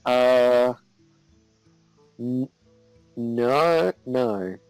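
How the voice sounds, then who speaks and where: Dry, hesitant man with lively pitch. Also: very slow, clean tone, dry recording, faint music behind, rough recording. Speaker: podcast co-host. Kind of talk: casual gaming chat.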